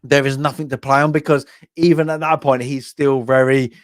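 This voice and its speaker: A man's voice: medium pitch, steady tone, a little fast, no echo. A man co-hosting a casual film review chat, rambling and acting out lines from scenes with bursts of laughter. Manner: rambling, acts out characters' lines loudly with laughs. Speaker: film podcast co-host.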